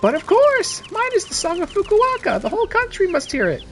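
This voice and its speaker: A woman's voice: extremely high pitch, wildly swooping pitch, a little fast, soft background music, voice pushed up, full character voice. A woman voicing a small, haughty female bird mascot who sings and puts on airs in a pompous, theatrical way. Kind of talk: let's play dialogue read-aloud.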